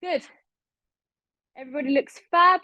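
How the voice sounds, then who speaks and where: A woman's voice: high-pitched, normal speed, sharp tone, no room sound, dull audio. A British woman leading an online exercise class, counting down reps and cheering people on, a little out of breath. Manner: upbeat, encouraging, counts down reps. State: slightly out of breath. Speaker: fitness instructor.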